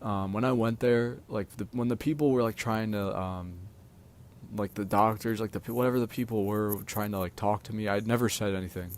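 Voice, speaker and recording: A man's voice: lowish voice, fairly even intonation, brisk, a little hiss or hum. A young man vlogging a casual storytime monologue, rambling with lots of filler words and swearing.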